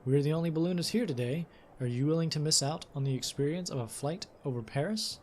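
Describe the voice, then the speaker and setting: A man's voice: fairly high pitch, fast talker, darkish tone, a little hiss or hum, lightly acted. Man playing a pushy balloon seller.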